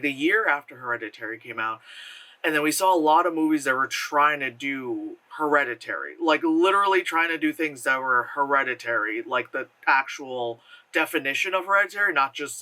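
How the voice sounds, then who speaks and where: A man's voice: mid-range voice, sharp tone, poor audio. An American man in pain, reviewing a movie in a rambling, sarcastic way, often interrupting himself and laughing. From United States.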